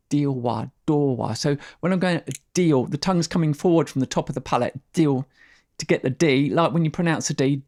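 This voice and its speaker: A man explaining didgeridoo rhythms in an easygoing, unscripted way, his voice sitting a little high for a man. He sounds out practice syllables and trails off into restarts as he talks. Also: normal speed, a little mellow. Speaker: didgeridoo teacher. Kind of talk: casual instructional explanation.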